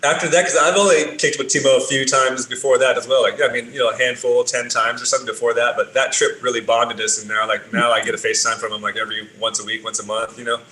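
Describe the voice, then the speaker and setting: A man's voice: medium pitch, steady tone, fast talker, hardly any pauses, bright, forceful tone. A man, a podcast guest telling stories casually with lots of swearing and fillers. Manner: laid-back, swears a lot, many fillers. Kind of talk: casual storytelling. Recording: roomy with faint ambient noise.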